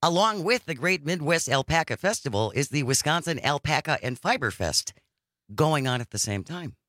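A man's voice: a little high, expressive, moderate pace, a bit bright, no echo. A man hosting a radio talk show in casual banter, reading news items aloud on a studio mic.

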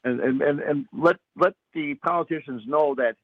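An older man, a retired newspaper editor, talking as a radio guest, halting and full of fillers. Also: fairly high pitch, no echo. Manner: halting, many fillers and restarts. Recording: tinny phone line.

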